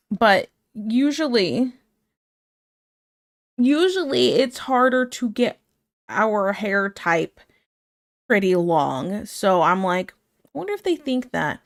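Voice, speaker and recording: A woman's voice: mid-range voice, fairly bright tone. A woman streaming casually, chatting and laughing as she reads out her chat.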